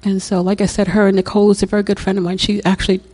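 Racing along in a warm, medium-pitched voice with little pitch movement, an older woman gives a casual testimony about her own life. She's chatty, laughs often, and repeats herself.

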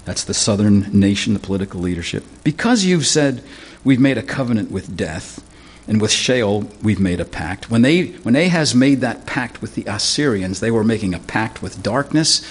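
A man preaching a sermon, reading scripture verse by verse and explaining it in a casual, conversational way, clearing his throat now and then. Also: on the low side, expressive, normal speed. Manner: teaching through scripture verse by verse, conversational asides.

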